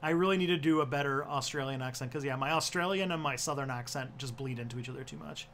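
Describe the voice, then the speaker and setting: A man's voice: medium pitch, fast, fairly bright tone, slight background noise. A man hosting a casual livestream, rambling with lots of fillers and restarts. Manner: rambling, full of fillers and self-corrections. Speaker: livestream host.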